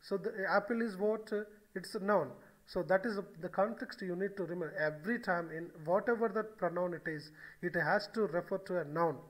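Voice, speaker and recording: Man, high voice, recorded grammar lecture, repetitive step-by-step explaining. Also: fairly quick, a bit bright, rough recording. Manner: explanatory, repeats key phrases, frequent "okay" and "so". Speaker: English grammar teacher.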